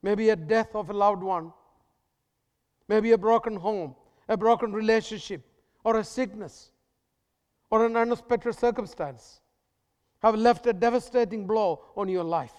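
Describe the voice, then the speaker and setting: A man preaching a sermon as pastor, emphatic and repetitive with dramatic pauses. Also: high voice, darkish tone, smooth, in a large hall.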